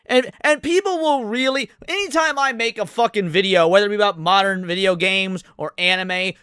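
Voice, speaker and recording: A man's voice: high-pitched, fairly bright tone, clear, resonant tone, dry recording, clean studio sound. A man ranting with heavy swearing as a streamer reacting to a video. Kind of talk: profane reaction commentary.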